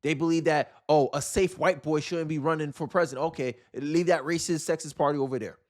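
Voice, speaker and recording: A man's voice: a little high, fairly even intonation, a little fast. A young man hosting his own channel, giving casual political commentary in an exasperated, rambling way with many restarts. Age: young adult.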